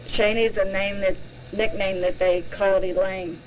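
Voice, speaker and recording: A woman narrating a documentary in an even, plain reading style. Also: medium pitch, a little slow, dull audio, slight background noise.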